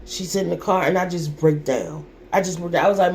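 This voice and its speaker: Lower-voiced woman telling an emotional story. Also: fairly quick, darkish tone, slight background noise. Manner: emotional, repetitive, colloquial and direct to viewers. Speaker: vlogger.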